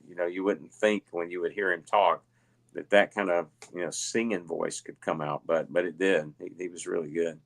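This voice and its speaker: A middle-aged man with a Southern US accent, telling stories at a relaxed pace with lots of fillers as a guest in an interview. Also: sits low, normal speed, creaky. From Alabama. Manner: rambling, relaxed storytelling with many fillers. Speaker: guest, illusionist. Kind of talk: casual interview chat.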